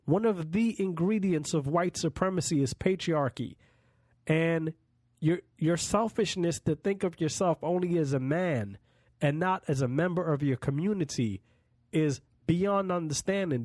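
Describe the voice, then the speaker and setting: A man's voice: fairly high pitch, moderate pace, a little mellow, no room sound, studio quality. A man hosting a political podcast, talking bluntly and emphatically in a casual monologue and swearing freely. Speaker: podcast host.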